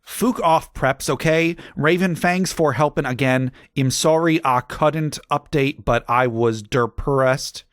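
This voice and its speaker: Man putting on a gushing teen girl writer, garbled words, higher voice. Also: takes it slowly, few pauses, fairly bright tone, no echo, studio quality. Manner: garbled, breathless misspellings read literally. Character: gushing teenage girl fanfic author.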